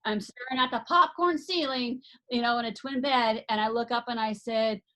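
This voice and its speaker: A woman's voice: on the high side, moderate pace, pushed and bright. A woman, an author and life coach, telling a personal story as a podcast guest, earnest and emphatic, often restarting her sentences.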